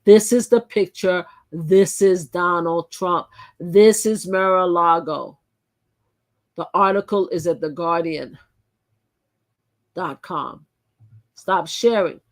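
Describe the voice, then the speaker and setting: A woman's voice: lowish voice, takes it slowly, long pauses. A woman hosting a live channel, reading articles aloud and commenting in a chatty way, often repeating and restarting her phrases. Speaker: channel host.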